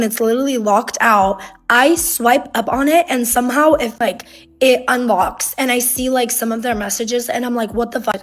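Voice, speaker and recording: Young woman rambling through a dramatic story. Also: fairly high pitch. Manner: rambling, heavy use of "like", emotional retelling. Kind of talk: casual storytime.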